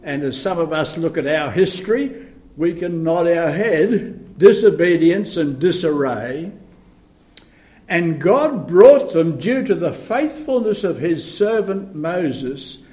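An older man preaching a sermon, slow and emphatic, with sudden loud bursts when he tells a story. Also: a little high, lively intonation.

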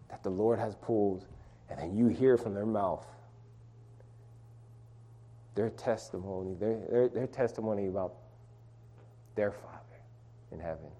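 A man's voice: fairly low pitch, normal speed, dark tone. A middle-aged man leading an informal sermon and Bible study, calling on listeners to read verses aloud and talking with many restarts.

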